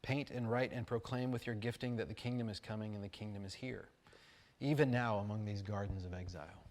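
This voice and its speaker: An American man giving a talk, reading reflective passages and telling rambling, animated anecdotes with fillers and restarts. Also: on the low side, brisk. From United States. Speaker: speaker at an arts conference. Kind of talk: talk mixing read essay and casual anecdote.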